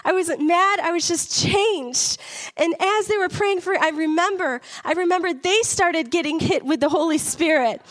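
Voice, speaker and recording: A woman's voice: very high-pitched, normal speed. A middle-aged woman telling an earnest, emotional personal testimony, often laughing as she talks. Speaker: church member giving testimony.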